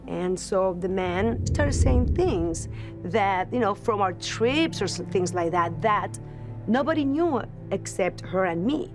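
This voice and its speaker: A woman's voice: medium pitch, expressive, slow. A woman earnestly recounting a personal ghost story to the camera, searching for words and repeating phrases as she goes. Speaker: celebrity guest telling a ghost story. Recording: voice over music score.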